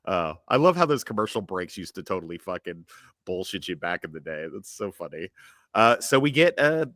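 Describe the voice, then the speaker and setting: A man with a low voice and a bright, sharp tone hosts a casual podcast chat. He rambles through his points with many hesitations and fillers, swears freely, and drops sarcastic asides along the way. The sound is close and dry. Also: big pitch swings, normal speed, no echo. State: occasional coughing from allergies. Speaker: podcast host.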